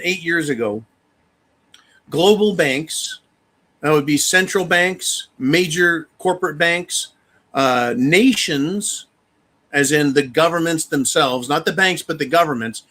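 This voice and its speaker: Male livestream host, bright and somewhat high voice, emphatic, blunt and profane. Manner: emphatic and animated, addresses viewers as folks, swears freely. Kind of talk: casual livestream commentary.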